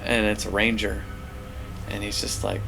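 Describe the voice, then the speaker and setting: A man's voice: fairly low pitch, flat delivery, moderate pace, vocal fry, music in the background. A man, a filmmaker interviewee, telling a casual anecdote in a rambling way full of fillers. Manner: rambling, filler-heavy storytelling.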